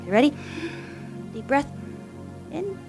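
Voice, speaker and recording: A woman instructor gently guiding children through a yoga class with encouraging, sing-song cues. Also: high-pitched, big pitch swings, measured pace, vocal fry, faint music behind.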